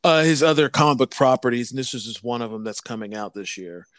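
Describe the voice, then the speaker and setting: A man's voice: medium pitch, fast talker, a bit bright, no room sound, studio quality. A man co-hosting a podcast in casual chat, rambling and restarting as he searches for words. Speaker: podcast co-host.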